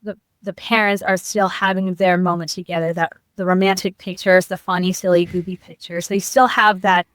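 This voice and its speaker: A woman guest on a podcast, calmly explaining ideas for couples' dates in a measured way. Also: on the low side, dry recording. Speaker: guest, couples' date coach. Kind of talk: explaining in an interview.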